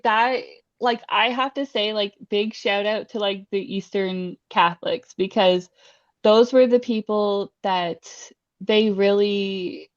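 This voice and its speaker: A woman's voice: mid-range voice, slow, no room sound. A young adult woman talks through her testimony in a loose, chatty way, full of little fillers and plainly moved. Her voice sits at an ordinary height and comes over a call with a dry, slightly dull sound. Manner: chatty, lots of fillers, laughs often; emotional, heartfelt. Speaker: guest sharing her faith testimony. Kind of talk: casual testimony interview.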